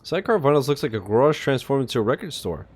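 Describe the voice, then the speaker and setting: A man's voice: mid-range voice, very animated, quick pace, darkish tone, husky, faint music behind. A male streamer reading a visual novel aloud steadily, with occasional hesitations.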